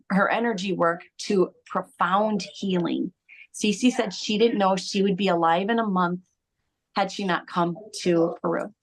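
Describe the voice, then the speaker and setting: A woman giving an earnest, halting spoken testimonial about a ceremony, with many restarts. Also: medium pitch.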